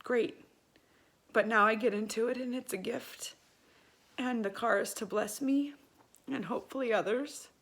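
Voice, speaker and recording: A woman speaking earnestly and reflectively to camera, telling a personal story with many soft fillers and pauses. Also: a little high, slightly rough. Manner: grows tearful and quiet near the end. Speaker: vlogger. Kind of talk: heartfelt personal talk to camera.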